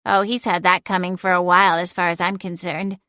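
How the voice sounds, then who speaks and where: A woman's voice: fairly low pitch, flat delivery, fairly quick, pushed and bright, no echo. A woman voicing a sardonic female talking cat familiar with a dry, teasing, unbothered manner.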